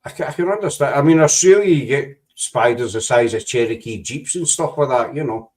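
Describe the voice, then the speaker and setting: A man's voice: medium pitch, a little fast, darkish tone, low-quality recording. A man, hosting a casual chat and rambling through stories with many asides. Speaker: podcast host.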